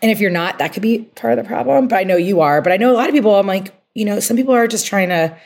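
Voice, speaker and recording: A woman's voice: medium pitch, very fast, creaky, a little mellow. A woman being interviewed as a guest on a podcast, talking with energy and passion and getting fired up about her work. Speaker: guest, social media strategist.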